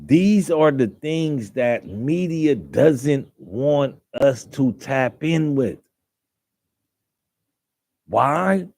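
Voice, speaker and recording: A man's voice: medium pitch, expressive, extremely slow, pauses often, darkish tone, no room sound. A man hosting a casual commentary monologue, rambling with fillers and restarts, asking rhetorical questions and mock-quoting others. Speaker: podcast host.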